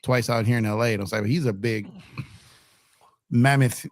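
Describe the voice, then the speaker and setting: A man's voice: mid-range voice, steady tone, moderate pace, no echo. Laid-back, joking male co-host. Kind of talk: casual chat.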